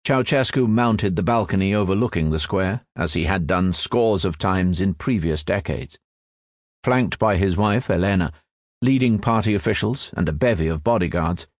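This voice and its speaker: A man reading nonfiction as an audiobook narrator, in a measured, even storytelling delivery. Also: lowish voice, dry recording, studio quality.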